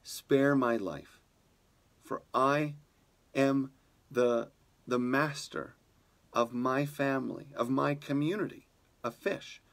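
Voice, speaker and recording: A man voicing a majestic talking fish who begs to be spared, slow and earnest in a storybook tale. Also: medium pitch, vocal fry, a bit bright, pitched above the performer's own voice. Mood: pleading.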